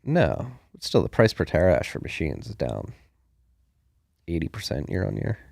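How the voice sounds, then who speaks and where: Deep gravelly laid-back man. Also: moderate pace, no room sound, clean studio sound. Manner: relaxed, thinking aloud with many fillers. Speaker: podcast co-host. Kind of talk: casual news chat.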